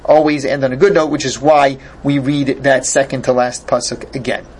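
A man's voice: medium pitch, flat delivery, normal speed, slight background noise. A man teaching a Torah class, explaining each Hebrew phrase in English and restarting sentences as he thinks aloud. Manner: thinks aloud, with repeated starts.

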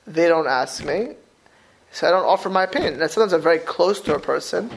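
A man speaks as a rabbi teaching a Torah class to a room of listeners. His voice sits high and swings widely up and down as he fires off rhetorical questions. He stumbles and restarts often. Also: lively intonation, fast talker, creaky, rough recording. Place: room with a live audience.

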